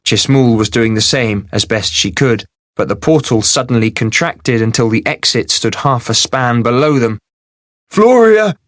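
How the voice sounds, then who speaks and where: A man narrating a fantasy novel in a steady, measured audiobook reading. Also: mid-range voice, dry recording, studio quality.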